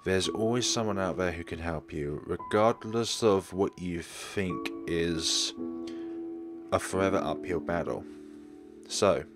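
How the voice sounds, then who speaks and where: A man voicing a calm, caring young companion in a horror game, gentle and reassuring. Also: low voice, slow, music in the background.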